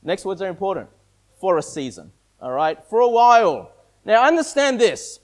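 A man's voice: high voice, very animated, normal speed. A male pastor preaching a sermon in a conversational way, often checking in with his listeners. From Australia. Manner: conversational preaching, frequent "okay?" and "all right?" check-ins.

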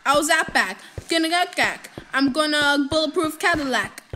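A woman giving excitable, rambling let's-play commentary and trash-talking the enemies she fights. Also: sits high, moderate pace, a little hiss or hum. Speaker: gamer. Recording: background music under voice.

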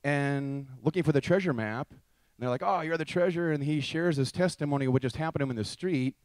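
A man with a fairly high voice tells a testimony as a story, lively and animated. He acts out each side of the conversations he describes. The sound is dry and close, with no room echo. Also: quick pace. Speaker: minister telling a testimony.

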